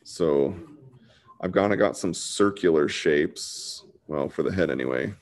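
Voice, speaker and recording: With a rumbling low voice and a slightly slow pace, a man teaches a casual live online drawing lesson. He's laid-back and chatty, talking to viewers like a buddy and saying "dude" a lot.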